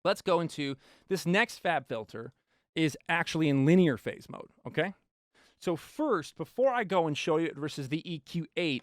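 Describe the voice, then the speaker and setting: A male mixing engineer giving an animated studio tutorial, with playful asides to viewers. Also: a little high, no echo.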